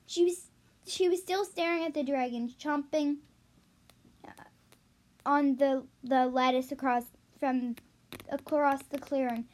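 A child reading a storybook aloud, halting and correcting themselves often. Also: female voice, high-pitched, steady tone, darkish tone. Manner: halting, with restarts and self-corrections. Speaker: reader.

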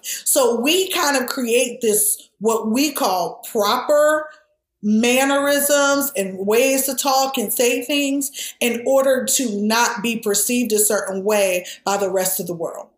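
A woman who grew up in the American South, talking candidly in a conversation, earnest and animated, with many restarts. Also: a little high, measured pace, roomy sound.

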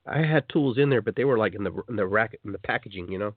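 A man hosting a spiritual self-help radio show, talking in an animated way and acting out the voices he quotes. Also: fairly low pitch, quick pace, dry recording. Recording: tinny phone-like dry line.

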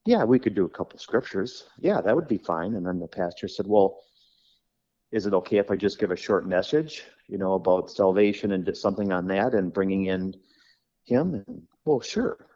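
A man's voice: sits low, fairly quick, dark tone, lo-fi sound. A man who runs a funeral home, talking on a podcast and rambling through stories while he acts out the dialogue. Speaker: funeral director. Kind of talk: podcast conversation.

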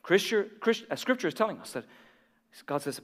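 A middle-aged man delivers a sermon in a high, light voice. He moves from hushed asides to emphatic peaks, and his voice carries the long reverb of a large church hall. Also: normal speed. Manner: expressive, swings between soft asides and emphatic peaks. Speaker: pastor.

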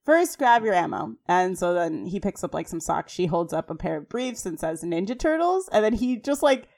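A woman co-hosting a podcast, recapping a TV episode scene by scene in a chatty, animated way with frequent fillers. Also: fairly low pitch, normal speed. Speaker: podcast co-host.

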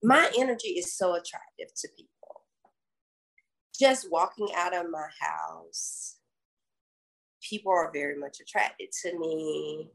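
In a lowish, sing-song voice, unhurried and pausing often, this middle-aged Southern woman co-hosts a podcast with a Southern accent. She reflects casually and shares warm, folksy stories, though the audio quality is poor.

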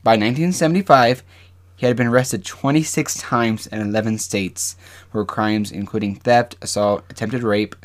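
A man co-hosting a true-crime podcast in easy, casual chat. He reads the case details aloud and keeps breaking off for quick jokes and asides to his co-host. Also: fairly low pitch.

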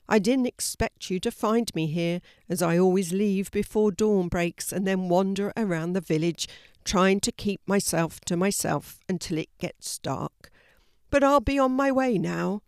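A woman reading the part of a well-spoken older male tramp who talks in a calm, matter-of-fact way. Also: fairly low pitch, smooth, no echo, studio quality.

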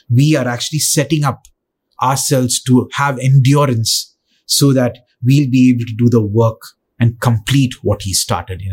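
A man preaching a sermon as pastor, earnest and repetitive, with pauses between phrases. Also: medium pitch, darkish tone, breathy edge.

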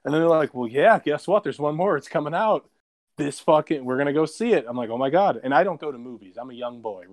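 A man in his twenties on a casual podcast, telling a story in an animated, profane, dramatic way. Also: on the high side, quick pace. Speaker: podcast co-host.

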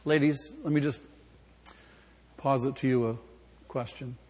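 A man's voice: medium pitch, steady tone, a little slow, darkish tone, husky. A male pastor preaching an emphatic sermon in a church, putting questions to the congregation. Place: church sanctuary. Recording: long hall reverb.

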